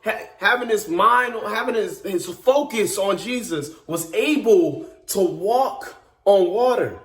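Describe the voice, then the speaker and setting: A man with a notably high-pitched voice gives an informal devotional sermon. He speaks earnestly and emphatically, circling back over phrases and restarting them. The recording sounds echoey, as in a bare room. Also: expressive, slow. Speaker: speaker giving a devotional message. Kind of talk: informal preaching.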